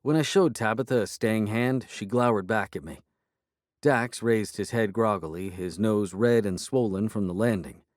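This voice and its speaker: A man narrating a first-person audiobook in a measured storytelling manner. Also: lowish voice, no room sound, studio quality.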